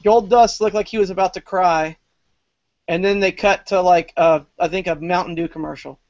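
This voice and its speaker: Man co-host, higher voice, rambles with lots of "like"; dry muffled sound. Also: steady tone, no echo. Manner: rambling, filler-heavy, quick retelling. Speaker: wrestling show co-host. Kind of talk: casual podcast chat. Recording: dry, dull lo-fi podcast audio.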